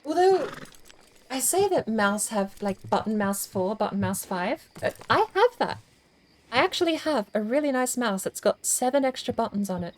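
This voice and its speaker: A woman streamer with a fairly high voice and big pitch swings chats at normal speed while she plays. She thinks aloud as she fiddles with settings, over-enunciating every word in casual game-stream banter.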